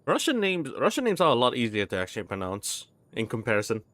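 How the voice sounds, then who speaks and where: A man's voice: medium pitch, wildly swooping pitch, fast talker, a bit bright, no echo. A young man chatting casually while streaming a game, often restarting his sentences and sounding out names syllable by syllable. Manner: rambling, many restarts, sounding out words.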